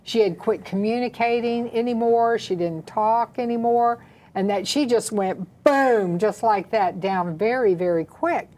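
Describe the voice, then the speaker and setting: Animated Southern woman telling a story. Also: fairly high pitch, a little slow. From American South. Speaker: co-host. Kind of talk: casual storytelling chat.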